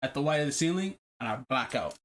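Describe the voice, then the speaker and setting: A man hosting a podcast, telling a long personal story in casual chat, animated and profane, often repeating himself. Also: mid-range voice, fast talker. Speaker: podcast host.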